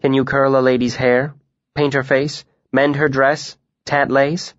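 A worldly young woman with a sharp tongue, blunt and wry, as a male audiobook reader voices her. Her voice sits at a middling pitch, dry and a little dull on the recording. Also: flat delivery, unhurried, no echo, close to an everyday voice. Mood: brisk, practical. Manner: blunt, wry, by turns gentle and scathing.

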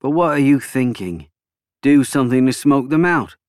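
A man's voice: medium pitch, animated, moderate pace, a little mellow, no echo, studio quality, pitched above the performer's own voice, close to an everyday voice. A man voicing a scheming, rotund male prime minister who talks with intensity and insistence. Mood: insistent.

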